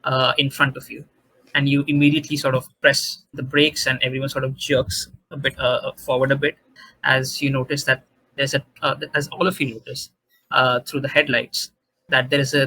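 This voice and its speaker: A man narrating as game master in a tabletop role-playing game, halting with many fillers and restarts. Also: mid-range voice, little pitch movement, pushed and bright, husky, poor audio.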